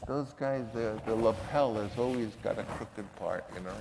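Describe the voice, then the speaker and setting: A man putting on a gruff, mumbling older actor while telling a story, in a reverberant room. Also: fairly low pitch, moderate pace, background noise. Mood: musing.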